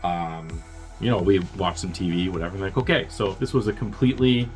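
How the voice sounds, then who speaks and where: Faint music plays behind a fast-talking podcast host as he loosely rambles through a movie's plot for a review. Now and then he breaks into bursts of the characters' dialogue, his voice leaping in pitch to play them.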